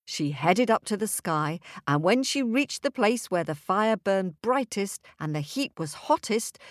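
A woman storyteller telling a folk tale in an expressive, rhythmic way. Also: medium pitch, dry recording, clean studio sound. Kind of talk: storytelling for children.

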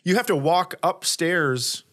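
A man hosts a comedy podcast and trades quick jokes with his guests. His voice is bright and forward, sitting a little high. He keeps the talk casual and loose. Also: animated. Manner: quick joking banter.

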